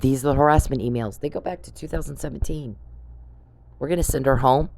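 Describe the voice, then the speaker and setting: A woman's voice: rumbling low, fairly quick, darkish tone, poor audio. Blunt, profane woman ranting. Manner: blunt, profane, accusatory storytelling. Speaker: podcast host. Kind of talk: angry personal podcast monologue.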